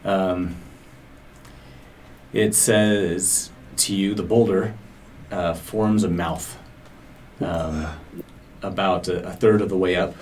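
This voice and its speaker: Guy running a d&d game in a game store, lowish voice, lots of ums, bit of store noise. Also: fairly even intonation, takes it slowly, a little mellow. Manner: hesitant, lots of ums and uhs. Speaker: game master. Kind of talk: narrating a tabletop game.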